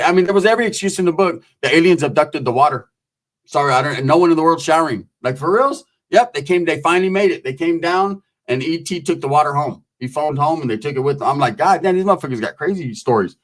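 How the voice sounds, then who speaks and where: A man's voice: fairly high pitch, expressive, quick pace. A man telling prison stories in casual, profane street talk, acting out the voices of the people in them. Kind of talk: casual storytelling.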